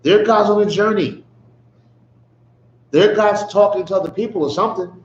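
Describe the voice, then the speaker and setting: A man with a high voice leads a Bible study, teasing the verses with sarcastic mockery and frequent rhetorical questions. The sound is echoey and dull, like a lo-fi recording in a bare room. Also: normal speed, slight background noise. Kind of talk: street-style Bible teaching.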